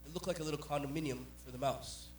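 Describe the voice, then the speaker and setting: A man from Jamaica, doing a stand-up comedy set with punchy storytelling and quick character voices. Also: a little high, faint music behind. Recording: roomy, distant mic.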